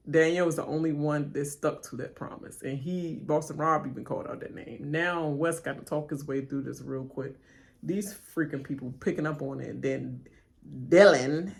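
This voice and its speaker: A woman giving live reaction commentary to a reality show, slangy and animated, talking straight back at the people on screen. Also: gravelly. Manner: animated, pitch jumps high when emphatic. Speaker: reaction channel host.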